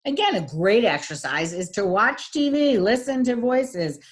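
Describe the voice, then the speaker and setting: A woman's voice: fairly high pitch, lively intonation, a little slow. A woman teaching an online lesson on voice qualities, speaking with many ums and exaggerating sounds to demonstrate them. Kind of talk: online lecture with screen share.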